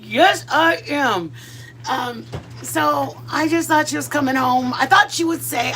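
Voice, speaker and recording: Middle-aged woman, high bright-toned voice, rambling self-deprecating home-cooking vlogger. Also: unhurried, slight background noise. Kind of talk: casual chat.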